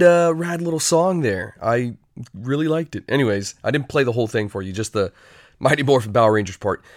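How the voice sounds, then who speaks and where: A man's voice: medium pitch, no echo, studio quality. A man hosting a casual solo podcast, upbeat and chatty with playful asides. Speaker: podcast host.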